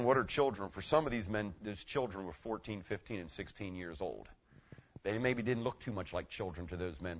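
A middle-aged man preaching a sermon as pastor, swinging between loud emphatic lines and hushed ones. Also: on the low side, highs cut off, slight background noise. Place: church.

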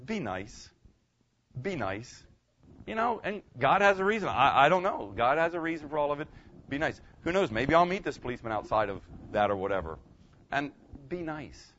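A man's voice: on the high side, sing-song, brisk, a bit bright, highs cut off. A man preaching a sermon as pastor, telling folksy stories and repeating his point straight to the congregation. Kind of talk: storytelling sermon.

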